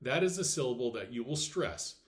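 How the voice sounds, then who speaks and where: Man slowly explaining a slide lesson. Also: mid-range voice, animated. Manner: clear step-by-step explaining with frequent okays; stresses example words slowly and deliberately. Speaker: Latin teacher.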